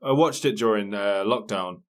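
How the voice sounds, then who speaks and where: A man's voice: on the low side, moderate pace. Rambling man in casual chat. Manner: rambling, self-interrupting, chuckling. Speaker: podcast co-host. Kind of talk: casual chat, watching along.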